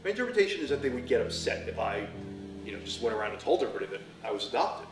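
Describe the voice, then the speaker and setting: A man who was adopted talks fast, with a lively, slightly high voice. He sounds distant in an echoey room while guitar music plays clearly behind him. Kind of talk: documentary interview.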